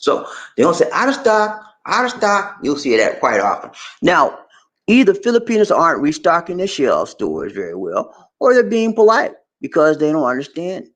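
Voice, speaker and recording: A man living abroad talking casually to his viewers, animated, acting out shop conversations and repeating phrases for emphasis. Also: fairly high pitch, normal speed, reverberant. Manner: animated, acts out shop dialogues. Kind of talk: casual live-stream talk to viewers. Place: indoors, in the Philippines.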